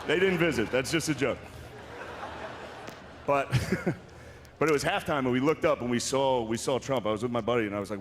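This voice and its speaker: A man's voice: mid-range voice, a little fast, pauses often. A man delivering a rambling, anecdotal stand-up comedy monologue on a stage microphone at an awards show. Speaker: comedian host. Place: large awards hall on stage. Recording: long hall reverb, faint noise.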